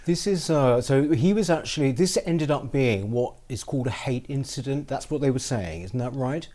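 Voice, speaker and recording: A man's voice: medium pitch, moderate pace, mellow. A man hosting an interview who adds short agreeing interjections and asks probing follow-up questions.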